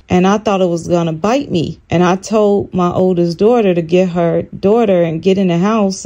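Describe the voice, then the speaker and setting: Older woman telling a story, mellow voice. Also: normal speed, hardly any pauses. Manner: animated, acts out quoted lines in a higher voice. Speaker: channel host. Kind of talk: casual storytelling.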